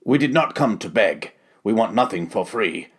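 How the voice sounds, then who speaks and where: A man playing an older grandfather leading travelers in a fantasy audio drama, speaking in measured, solemn rhyme. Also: on the low side, expressive, slightly rough. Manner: measured, solemn, rhyming speech. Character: old grandfather, wise elder traveler.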